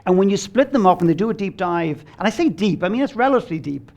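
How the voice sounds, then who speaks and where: A man with a gravelly, creaky edge to his voice, pitched somewhat higher than most men. He talks as a guest coach in an earnest, blunt conversational way. He acts out bits of quoted dialogue and swears without fuss. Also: animated, fast talker, darkish tone, dull audio. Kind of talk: conversational storytelling.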